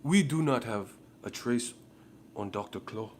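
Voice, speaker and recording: A man's voice: medium pitch, expressive, unhurried, slight background noise, natural voice. A man putting on a solemn movie warrior voice. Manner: formal, solemn, over-enunciated. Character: stiff, grandiose male warrior from a superhero film.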